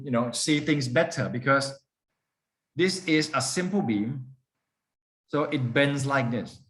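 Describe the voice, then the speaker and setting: A man's voice: mid-range voice, a bit bright. A man lecturing a class, often stopping to put questions to the students and repeating key points for emphasis.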